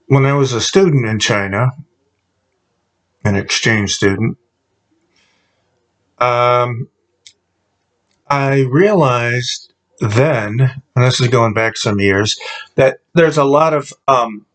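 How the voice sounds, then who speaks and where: A man delivering a deadpan comedic monologue, halting and full of ums and restarts. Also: mid-range voice, rough recording.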